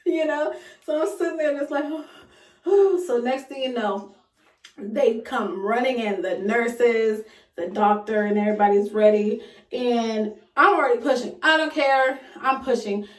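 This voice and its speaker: A young woman vlogger, casually retelling a personal story with dramatic, loud acted quotes. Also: a little high, moderate pace. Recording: echoey room, voice a bit far from mic.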